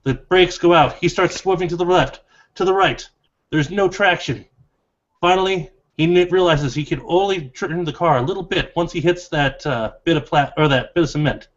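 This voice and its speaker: A man's voice: a little high, normal speed. Folksy man telling a long joke. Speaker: player. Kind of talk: storytelling a joke in character. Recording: dull lo-fi recording.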